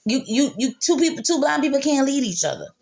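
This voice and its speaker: A woman's voice: sits high, big pitch swings, quick pace, vocal fry, a little mellow. A mother talking candidly and emotionally about her faith and healing, repeating herself and laughing through tears. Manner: spiritual, speaks of God and faith. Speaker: mother sharing her story. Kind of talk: candid personal monologue.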